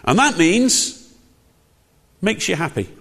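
Pitched high with big swings, slow, creaky and a bit bright, a preacher's slightly raised voice fills a church hall with long reverb as he emphatically, conversationally keeps asking his congregation questions.

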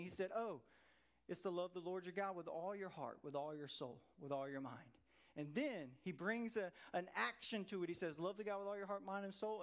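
Pastor, middle-aged man, high voice, conversational and animated, keeps asking rhetorical questions. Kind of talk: sermon. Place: church sanctuary.

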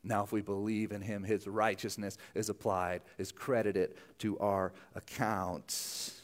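A man's voice: fairly low pitch, little pitch movement, measured pace. Casting: young adult man, pastor, easygoing sermon delivery with plenty of asides. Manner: conversational, self-deprecating, many asides.

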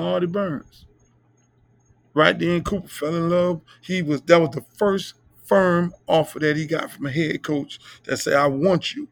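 Gravelly, profane storytelling man. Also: on the high side, no echo. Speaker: podcast host. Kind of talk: casual storytelling monologue.

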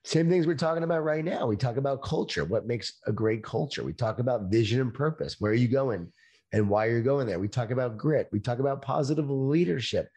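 A middle-aged man speaking as an interview guest, talking about leadership in a slow, emphatic motivational way over a video call. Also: medium pitch, lively intonation, a little mellow, breathy edge.

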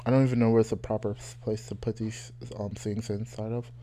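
A young man from Nigeria chatting casually and joking, laughing often, animated and wry. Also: fairly low pitch, brisk. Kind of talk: casual chat.

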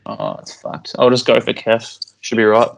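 A man's voice: medium pitch, sing-song, normal speed, vocal fry. A young Australian man from Queensland, a fishing guide, chatting as a podcast guest in a laid-back way, swearing freely and laughing easily. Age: young adult. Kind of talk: casual chat. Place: at home.

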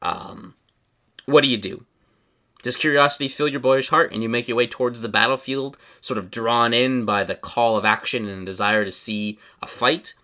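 A man's voice: medium pitch, normal speed, pushed and bright. A man narrating as game master in a tabletop game, describing scenes in a loose, rambling way.

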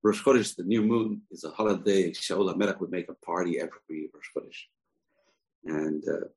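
Man, deep voice, religious lesson, animated storytelling, acts out quotes. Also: normal speed, low-quality recording. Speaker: religious teacher. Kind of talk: retelling a scripture story in a lesson.

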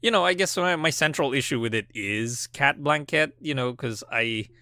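A man co-hosting a film podcast, talking casually and rambling through his thoughts with plenty of "like" and "you know." His voice is bright and forceful, at a middle pitch. The sound is dry and close, with no room around it. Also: moderate pace, no room sound. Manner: rambling, many fillers and restarts, laughs often. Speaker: podcast co-host.

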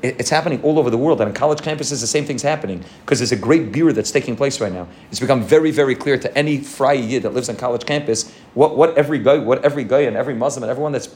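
A man's voice: mid-range voice, racing, hardly any pauses, a little mellow. A man giving a fervent sermon to his congregation as its rabbi, telling stories and weaving in many Hebrew and Yiddish terms. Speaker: rabbi of a synagogue.

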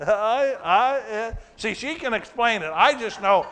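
A man with a high voice preaches at an unhurried pace. He teaches plainly, puts questions to the congregation and jokes with them. His voice carries a long reverb from a large church hall. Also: animated, a bit bright. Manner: teaching with humor and audience questions. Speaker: pastor. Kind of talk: sermon.

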